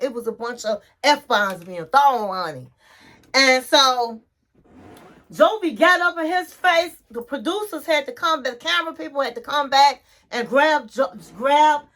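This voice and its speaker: A woman giving a gossipy, animated recap of a reality TV episode. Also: sits high. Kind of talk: casual recap commentary.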